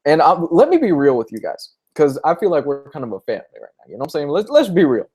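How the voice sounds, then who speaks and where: A man's voice: a little high, wildly swooping pitch, fast talker, darkish tone, husky. Candid young man on a livestream. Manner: candid, emotional, tearing up at times. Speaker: comic book vlogger. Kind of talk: casual livestream chat.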